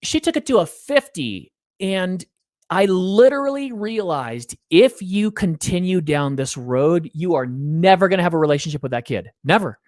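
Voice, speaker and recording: Animated man telling parenting stories. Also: high voice, normal speed, dry recording, clean studio sound. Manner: animated storyteller, acts out quotes. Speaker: guest. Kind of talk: conversational interview.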